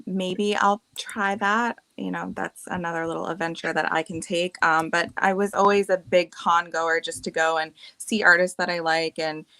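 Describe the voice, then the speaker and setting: A woman's voice: on the low side, steady tone, moderate pace, few pauses, sharp tone, no room sound. A woman from Massachusetts, a writer and artist, chatting casually on a panel and laughing often. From Massachusetts, USA. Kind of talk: casual chat.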